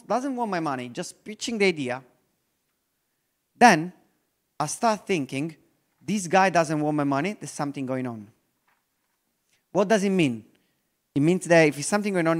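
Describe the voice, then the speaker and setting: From the stage of a conference, an Italian investor talks in restart-heavy, non-native English. He sounds slightly high-pitched for a man and at times slows right down to a soft near-murmur to underline his point.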